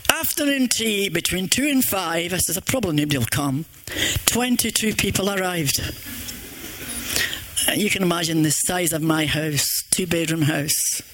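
A woman's voice: fairly low pitch, a little slow, fairly bright tone. An older woman with a Scottish accent giving an earnest, rambling church testimony with many restarts. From Scotland.

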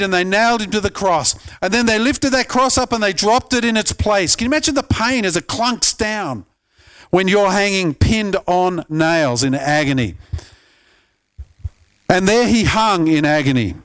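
A pastor earnestly preaching a sermon, often climbing to emphatic peaks and stumbling over repeated words. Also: male voice, sits high, fairly bright tone.

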